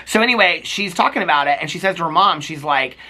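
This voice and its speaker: A man's voice: fairly high pitch, lively intonation, quick pace, pushed and bright. A man chatting casually as a host, gossipy and full of fillers. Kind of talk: casual TV recap chat.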